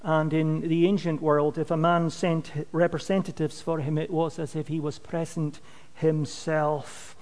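A man delivers an earnest, emphatic sermon at a measured pace, his fairly high voice keeping a level tone. His loudness drops as each phrase ends, and a long reverb tail follows his words.

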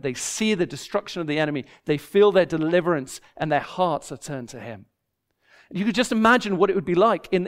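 A man preaching from the pulpit, his voice pitched high for a man. He builds each point through short repeated phrases that rise and fall. Now and then he slips into voicing the people in his story. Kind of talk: expository sermon.

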